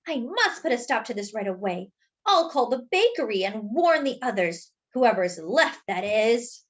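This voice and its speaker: A woman voicing a fussy, dramatic little male doughnut that talks in a prim, indignant way. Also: very animated. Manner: prim, indignant, high and slow. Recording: dull lo-fi sound.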